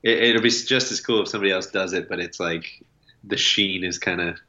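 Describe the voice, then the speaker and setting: Lower-voiced male co-host, sharp bright tone, joking, dull lo-fi recording. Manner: animated, joking, halting restarts. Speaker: podcast co-host. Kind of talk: casual chat. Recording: dull lo-fi audio.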